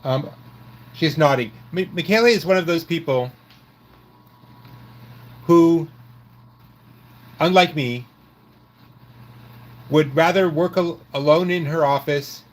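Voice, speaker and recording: A man's voice: fairly high pitch, takes it slowly, pauses often. A man in his sixties from New York, chatting casually and telling rambling stories, often restarting his sentences. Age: 60s. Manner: rambling, self-correcting storyteller. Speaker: host. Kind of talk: casual chat.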